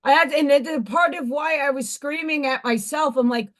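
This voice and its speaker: A woman in her forties hosting a livestream, her voice hoarse and partly gone, venting bluntly and profanely with exasperation. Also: high voice, moderate pace, few pauses, a bit bright. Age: 40s. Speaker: livestream host. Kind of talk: casual venting livestream chat.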